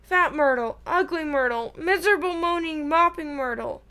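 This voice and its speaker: A woman's voice: sits high, moderate pace, bright, forceful tone, voice pushed up. A woman reading aloud and voicing a glum, touchy teenage girl ghost who talks sulkily and tearfully. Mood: sulky tearful. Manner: sulky, tearful.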